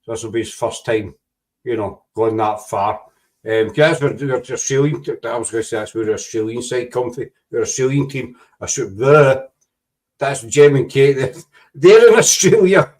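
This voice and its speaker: A man's voice: medium pitch, normal speed, darkish tone, poor audio. A man, hosting a casual chat and rambling through stories with many asides. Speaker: podcast host.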